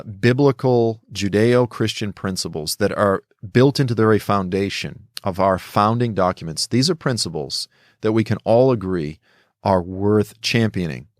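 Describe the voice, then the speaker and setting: A man's voice: lowish voice, no room sound, clean studio sound. A middle-aged man from the United States giving impassioned political commentary, emphatic and preachy, raising his voice to act out quotes. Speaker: author and commentator.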